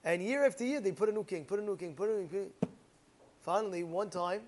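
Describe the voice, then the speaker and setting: A man casually telling a parable as a moral lesson, animated and rambling, with repeated fillers. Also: sits high, fast talker, a little hiss or hum. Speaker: storyteller giving a moral lesson.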